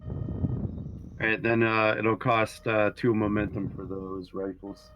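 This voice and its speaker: Low-voiced man running a tabletop game. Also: background noise. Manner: relaxed, halting with fillers. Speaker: game master. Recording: muffled lo-fi recording.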